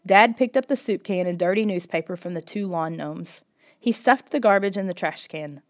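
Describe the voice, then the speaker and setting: A woman reading a children's storybook in the first person, steady and expressive. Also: lowish voice, moderate pace. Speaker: audiobook reader.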